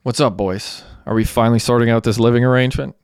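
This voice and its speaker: A man's voice: medium pitch, fairly even intonation, fast, darkish tone, clean tone, dry recording, studio quality, natural voice. A man voicing a young male store clerk who talks bluntly and swears when exasperated. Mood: casual.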